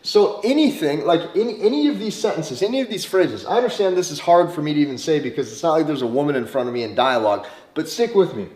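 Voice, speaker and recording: A man giving a forceful, repetitive dating lecture, swearing freely. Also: fairly high pitch, animated, fast. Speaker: dating coach. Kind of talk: motivational lecture to camera. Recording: roomy echo.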